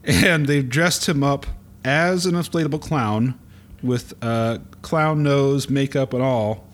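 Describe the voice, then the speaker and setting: A man in a mid-pitched voice casually narrating a comic aloud on a podcast. He talks in a playful, halting way, stopping for fillers and chuckles. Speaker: podcast co-host.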